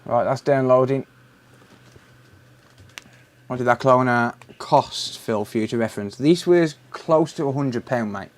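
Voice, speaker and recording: A man's voice: mid-range voice, measured pace, long pauses. British man, livestream repair host, easygoing running chatter, calls people mate, talks while working. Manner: chatty, answers viewer messages while working, says "mate" often. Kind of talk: casual live stream chat.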